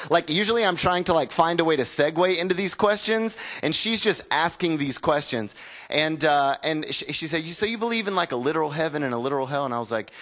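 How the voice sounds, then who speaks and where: A man's voice: a little high, a bit bright. Pastor in his forties preaching. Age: 40s. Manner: conversational storytelling with call-and-response. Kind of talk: sermon.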